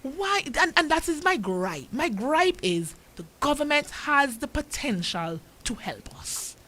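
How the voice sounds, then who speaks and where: An Antiguan woman with a bright, fairly high voice speaks as a guest on a talk show. She presses her complaints hard, asking question after question with feeling. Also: big pitch swings, a little slow. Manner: impassioned, pleading rhetorical questions.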